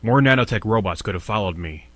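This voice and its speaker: A man's voice: fairly low pitch, expressive, quick pace, a bit bright, no echo. An actor playing a betrayed young man who narrates his own story in first person in a video game. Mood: anxious.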